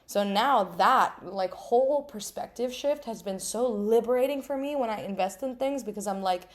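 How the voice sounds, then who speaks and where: A woman's voice: a little high, normal speed. A woman hosting her own podcast, talking candidly and animatedly in a casual solo monologue, acting out her inner voices, laughing at herself and swearing freely. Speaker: podcast host.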